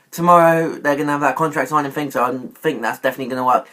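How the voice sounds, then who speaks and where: A man's voice: fairly high pitch, steady tone, racing, bright, forceful tone. A man giving wrestling predictions in a casual vlog, rambling and often correcting himself with many fillers. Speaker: YouTube wrestling commentator.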